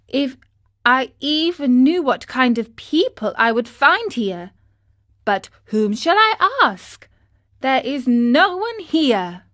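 A fretful, impulsive puppet boy, as a woman reading a storybook puts him on, with a raised, youthful voice that jumps quickly into alarm. He talks eagerly and unhurriedly, slightly slower than usual speech. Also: big pitch swings, a bit bright, full character voice. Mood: wistful. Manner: high, eager and easily frightened.

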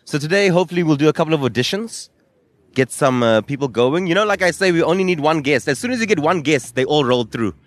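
A man's voice: on the high side, animated, fast, no room sound. A South African man hosting a podcast, joking and bantering with passers-by on a seaside promenade into a handheld mic. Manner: jokey, playful banter. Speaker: podcast host. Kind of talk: casual street interview. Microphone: handheld microphone.

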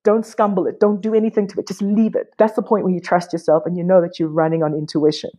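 A woman artist, a podcast guest, telling stories frankly and casually, swearing and quoting others in lively voices. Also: fairly low pitch, fast. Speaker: artist and workshop teacher, guest. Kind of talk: candid conversational storytelling.

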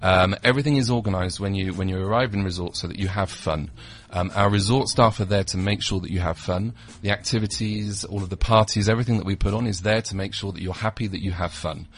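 Quick-talking British man pitching holidays. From United Kingdom. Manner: enthusiastic salesy pitch with frequent ums. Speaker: travel company representative, radio guest. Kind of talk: radio interview. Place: radio studio.

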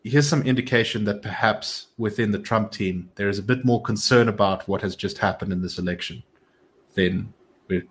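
A man's voice: on the low side, moderate pace, a bit bright. Rambling opinionated man. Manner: rambling, opinionated, many restarts. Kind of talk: casual political chat.

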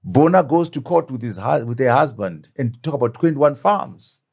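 Gravelly and expressive, a mid-range male voice moves at a moderate pace. It belongs to a middle-aged man from Zimbabwe, a onetime deputy prime minister, who is an emphatic interview guest with a taste for rhetorical questions in a lively political discussion.

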